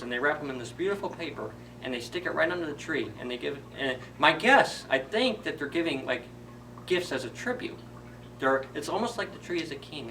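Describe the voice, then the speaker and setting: A man voicing a chatty, excitable sparrow in a storybook reading, telling a tale in an eager, gossipy way, recorded on a distant mic with faint hiss. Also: on the high side, heavily acted.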